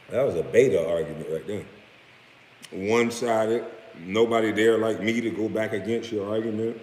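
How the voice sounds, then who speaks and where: A man's voice: fairly low pitch, moderate pace, a little mellow. A man in his late thirties, a former pro basketball player, ranting in a heated, profane, mocking way. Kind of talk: profane rant. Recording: echoey room with long reverb, faint noise.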